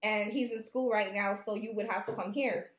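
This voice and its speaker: A woman co-hosting a podcast, telling a dating story in a casual, animated way and acting out both sides of the dialogue with indignation. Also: mid-range voice, moderate pace, echoey room. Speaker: podcast co-host.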